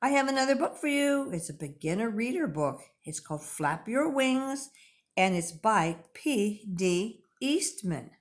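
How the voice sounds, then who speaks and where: A woman reading a picture book aloud to young pupils, expressive and clearly paced like a teacher. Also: a little high, measured pace. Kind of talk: children's read-aloud.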